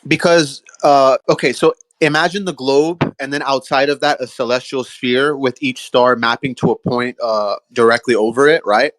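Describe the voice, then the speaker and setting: A man puts a question to the group on an online call, halting and hesitant, repeating words as he goes. He is eating while he talks. His voice is dry and close. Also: mid-range voice, fairly even intonation, fairly bright tone, dry recording. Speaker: caller asking a question.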